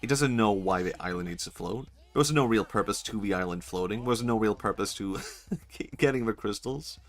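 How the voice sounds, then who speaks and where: Low-voiced joking male streamer. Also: brisk. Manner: joking, rambling, swears and laughs often. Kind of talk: casual gameplay commentary.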